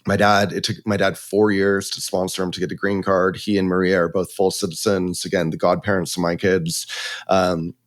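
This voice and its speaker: A man's voice: low voice, normal speed. A man casually telling the story of his winery's wine label, acting out the quotes and laughing as he goes. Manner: animated, acts out quotes with laughs.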